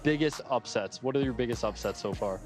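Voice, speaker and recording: A man conducting a quick event interview, brisk and friendly. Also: medium pitch, over music.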